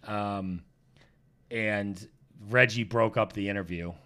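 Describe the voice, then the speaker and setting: A man's voice: lowish voice, takes it slowly. A man, a podcast guest telling rowdy stories in casual chat, swearing and laughing as he goes. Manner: animated, swearing, laughing storyteller.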